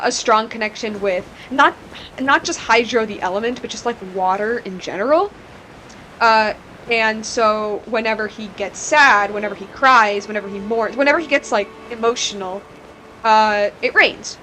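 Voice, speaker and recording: A woman's voice: a little high, fairly bright tone, a little hiss or hum. A woman streamer talking casually about a game, rambling and candid, filling her talk with "like". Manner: rambling and candid, heavy with "like" fillers.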